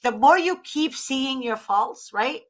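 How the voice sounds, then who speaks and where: A woman's voice: sits high, animated, slow. A woman hosting a talk show, giving earnest, preachy advice and often invoking God. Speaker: host.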